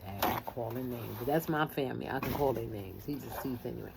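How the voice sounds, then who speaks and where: A woman telling a personal story in casual talk, lively and acting out the voices of family members. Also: rumbling low, fast, vocal fry, noisy background.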